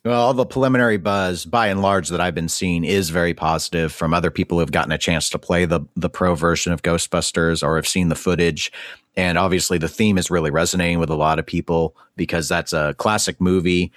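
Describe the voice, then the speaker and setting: Podcast co-host, male, deep and dry-miked, relaxed conversational reviewer. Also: a little fast, no echo. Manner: conversational, thinks aloud with restarts. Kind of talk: casual review chat.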